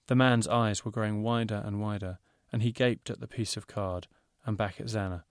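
A man, an author reading his own children's novel aloud in steady storytelling narration. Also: lowish voice, normal speed, no room sound, studio quality.

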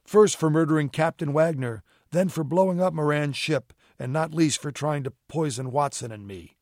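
A man voicing a calm, cutting gentleman detective in an audiobook, measured and coolly ironic. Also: on the high side, no room sound, clean studio sound, close to an everyday voice. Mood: cool, commanding. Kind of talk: audiobook character reading.

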